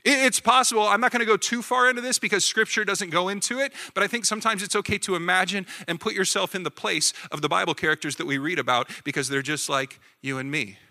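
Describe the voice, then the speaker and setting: A man preaching a sermon in a conversational way, often correcting himself and rising into animated emphasis. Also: high voice, fast talker, few pauses. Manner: self-correcting, repeats words. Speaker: pastor.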